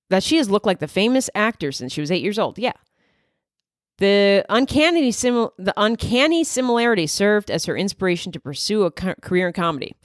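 A woman's voice: medium pitch, dry recording, clean studio sound. A woman in her thirties, a comedian hosting her own podcast, riffing in a wry, candid monologue full of asides. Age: 30s.

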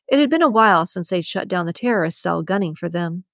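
A woman narrating a romance audiobook in a steady, even storytelling manner. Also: fairly low pitch, fast talker, hardly any pauses, no room sound, studio quality. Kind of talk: scripted narration.

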